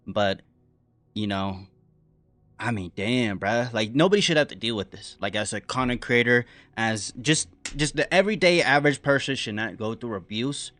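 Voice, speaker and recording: A man reacting to a stream in casual commentary, rambling with many fillers and slang, dropping quiet and then bursting out loud. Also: medium pitch, normal speed.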